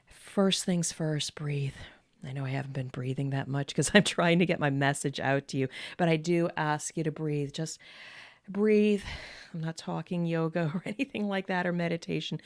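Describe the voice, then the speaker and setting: Middle-aged woman host, low steady voice, calm measured delivery, dry close room. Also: no echo. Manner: calm, measured, with deliberate pauses; earnest and encouraging, repeats key words. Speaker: podcast host and executive coach. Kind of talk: direct-to-camera advice talk.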